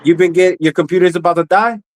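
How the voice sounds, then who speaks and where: A man hosting a live stream, chatting in a relaxed, slangy way. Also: sits high, fast, dry recording, poor audio. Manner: relaxed, slangy, says bro a lot. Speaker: host. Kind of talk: casual chat. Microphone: live stream call.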